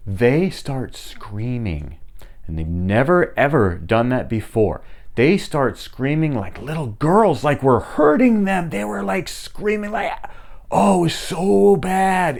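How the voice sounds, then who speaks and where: A middle-aged man casually telling rambling stories while giving a tour of his home. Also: mid-range voice. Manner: chatty, rambling, animated when retelling. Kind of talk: casual storytelling.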